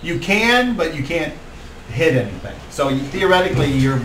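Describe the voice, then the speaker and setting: A man's voice: on the high side, big pitch swings, moderate pace, a bit bright. A man running a tabletop game, narrating the action and explaining rules with lots of fillers. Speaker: game master. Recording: echoey room, mic far off, faint noise.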